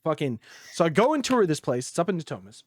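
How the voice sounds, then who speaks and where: A man co-hosting a podcast, telling a story in a casual, profane, animated way and acting out what others said. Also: on the high side, fast talker, dry recording, clean studio sound. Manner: profane, animated, acts out quotes. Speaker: podcast co-host. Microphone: podcast mic.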